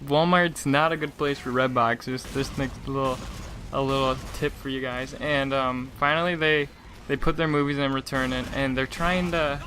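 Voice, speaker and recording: A young man tells a long, meandering story in a loose, chatty way, stumbling and restarting often. His voice has a bright, forward edge. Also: medium pitch, fairly even intonation, moderate pace, slight background noise. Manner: rambling, lots of "like" and restarts, laughing asides. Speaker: gaming channel host. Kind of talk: casual storytelling rant.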